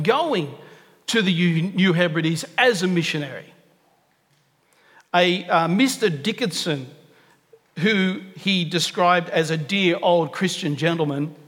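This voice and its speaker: High-voiced preacher in a reverberant hall. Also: male voice, fairly bright tone. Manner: earnest, emphatic, repeats key phrases for stress. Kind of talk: sermon. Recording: long reverb of a large hall.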